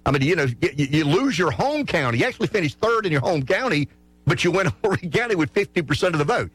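A man, hosting a talk radio show and making his point with animated restarts and repeated words. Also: on the high side, quick pace, husky, dry recording. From South Carolina. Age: 60s.

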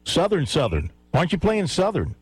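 A man's voice: a little high, huge pitch swings, brisk, husky, dry recording, low-quality recording. A man hosting sports talk radio, making playful predictions and teasing his caller. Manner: playful, teasing, laughs at his own picks.

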